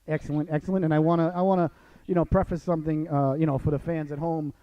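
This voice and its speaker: A man from Long Island hosting a radio show, rambling casually and filling every pause with "you know", in dull lo-fi audio. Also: on the high side, level tone, dry recording. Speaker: radio host.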